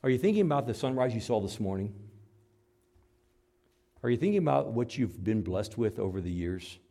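Animated preaching man, lively pitch. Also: normal speed. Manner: animated, swinging from loud high outbursts to low quiet asides; voices God and doubters in dialogue. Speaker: pastor. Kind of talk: sermon.

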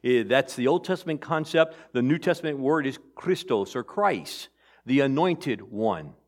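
A man's voice preaching in a church service, plain and mid-pitched. He talks as if to a familiar congregation, with loose restarts. He pushes key lines loudly and lets others fall soft and intimate. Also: expressive, moderate pace. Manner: conversational preaching that swings between loud emphasis and quiet asides. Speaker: pastor. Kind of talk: sermon.

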